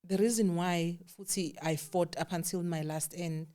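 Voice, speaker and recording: A South African woman, a guest telling a personal story in a candid, animated way, voicing the people she quotes and dropping to a hush at times. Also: fairly low pitch, moderate pace. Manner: candid, animated quoting of others, drops to hushed tones.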